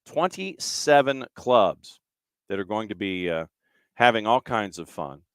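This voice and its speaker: A man's voice: fairly low pitch, lively intonation, smooth, no room sound, studio quality. Man hosting a sports talk show. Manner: brisk, rattles off dates and lists, reads listener comments. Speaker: podcast host. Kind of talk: casual chat and news rundown.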